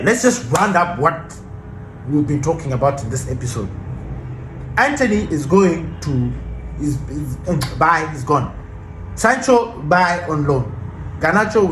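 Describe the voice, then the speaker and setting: A man's voice: a little high, reverberant, a little hiss or hum, low-quality recording. A man hosting a football fan channel, ranting passionately and defiantly about his team in casual commentary.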